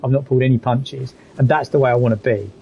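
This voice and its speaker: A man's voice: mid-range voice, steady tone, fast talker, vocal fry, lo-fi sound, slight background noise. A man live streaming a game, talking candidly and reflectively while reading chat messages aloud. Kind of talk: casual gaming stream commentary.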